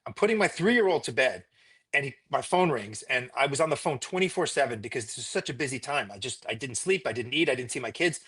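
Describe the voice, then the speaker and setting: A man, a physician, telling stories in a conversational interview in an emphatic, animated way. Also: medium pitch, fast talker, slightly rough. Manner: emphatic, animated retelling with repetition.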